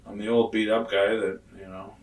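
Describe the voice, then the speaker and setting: A man's voice: lowish voice, little pitch movement, a little fast, distant mic. A man being interviewed, telling a long story casually and acting out both sides of the conversations. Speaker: interview guest.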